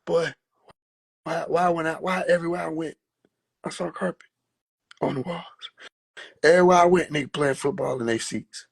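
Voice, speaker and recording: A man's voice: on the high side, brisk, creaky, long pauses, slightly rough. A young man telling a rambling, profane story on a phone live stream, acting out the other voices. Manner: animated, acts out quoted voices, slangy, profane. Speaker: livestreamer. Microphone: phone mic.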